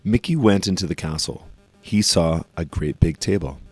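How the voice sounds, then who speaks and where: A man with an extremely deep voice reads a children's storybook aloud. He leans slowly and emphatically on repeated phrases, and the sound is close and dry. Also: darkish tone, breathy edge, no echo.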